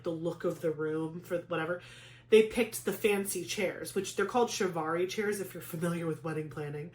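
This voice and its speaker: A young woman chatting casually, telling a personal story with lots of "like" fillers and animated retelling. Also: on the low side, echoey room. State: pregnant. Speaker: craft vlogger.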